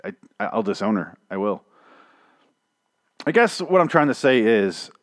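A man's voice: fairly low pitch, very animated, normal speed, pauses often, no echo. Man, casual reviewer, rambling and sarcastic, dry sound. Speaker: TV show reviewer. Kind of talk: casual recap rant.

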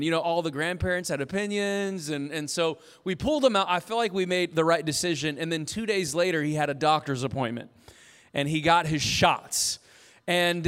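A man in his thirties preaching a sermon as pastor, telling stories in an animated way and quoting himself. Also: a little high, clean tone. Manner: animated, storytelling with self-quotes. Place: church auditorium. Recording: long reverb of a large hall.

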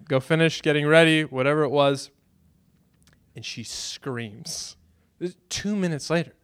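A pastor, preaching a sermon and telling stories with bursts of loud excitement. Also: male voice, a little high, no room sound.

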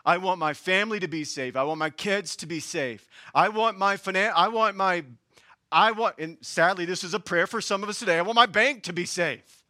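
Bright-voiced Southern preacher, passionate. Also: male voice, sits high, brisk, few pauses, dry recording, clean studio sound. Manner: impassioned, swinging between hushed and raised delivery. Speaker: pastor. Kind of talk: sermon.

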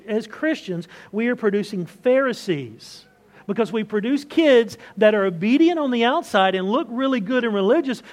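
A man's voice: very high-pitched, darkish tone. A man in his thirties, a pastor preaching a conversational sermon, asking rhetorical questions and restarting phrases as he goes.

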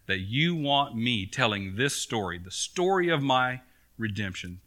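Bright-voiced preaching pastor. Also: male voice, mid-range voice, big pitch swings, moderate pace. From United States. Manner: earnest preaching, drops softly then rises emphatically. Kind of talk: sermon. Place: church sanctuary.

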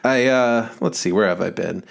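A man in his thirties from Massachusetts co-hosts a casual podcast, chatting in a rambling, laid-back way over a remote call mic. His voice is fairly low and gravelly, at a normal speed.

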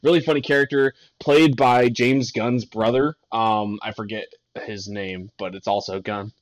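A man's voice: fairly low pitch, steady tone, unhurried. A young man hosting a podcast in a casual, jokey chat, rambling and laughing often as he talks. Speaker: podcast host.

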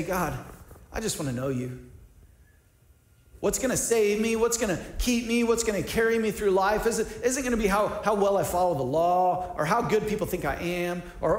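A man's voice: high-pitched, echoey room. A man preaching a sermon in an earnest, conversational way, asking rhetorical questions and often restarting his sentences. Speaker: pastor.

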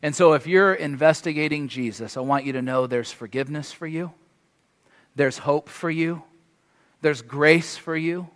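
A man's voice: on the high side, a bit bright, big-room sound. A man preaching as a guest, delivering an impassioned sermon that builds to emphatic peaks and closing in prayer. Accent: foreign to the congregation, from across the ocean. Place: church hall.

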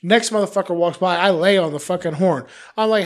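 A man's voice: high voice, fairly quick, few pauses. A man telling a heated story in a casual chat, swearing often. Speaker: podcast co-host.

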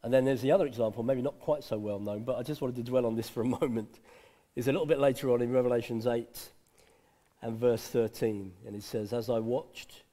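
A man's voice: mid-range voice, steady tone, brisk, warm tone. A man giving an informal, conversational sermon and chuckling often. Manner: conversational, repeats words for emphasis, chuckles often. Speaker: preacher.

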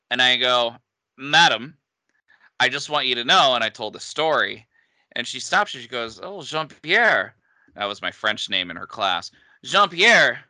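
A man's voice: medium pitch, pushed and bright, no room sound. A man from New England telling a funny story in a casual chat as podcast co-host, laughing often.

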